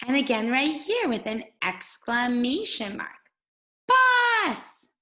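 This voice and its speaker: A woman teacher leading a guided reading lesson for young children, speaking slowly and patiently. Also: fairly high pitch, very animated, a bit bright, low-quality recording. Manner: slow, patient, sing-song teacher voice.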